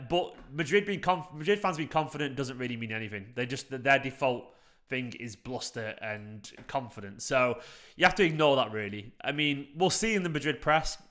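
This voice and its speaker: A young adult man hosting a football fan live stream, chatty and excitable, swearing casually as he reads the chat. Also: medium pitch.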